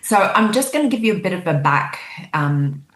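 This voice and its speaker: A woman with a low-pitched voice tells a dream as a guest. She narrates it in a lively way and acts out what people said. The room adds a noticeable echo. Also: moderate pace. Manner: lively storytelling, acting out the people in her dream. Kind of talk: recounting a dream in conversation. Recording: echoey room.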